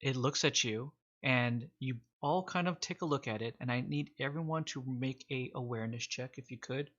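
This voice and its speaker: A man's voice: mid-range voice, normal speed, fairly bright tone, muffled recording. A man narrating a tabletop game as game master, describing scenes with frequent filler words.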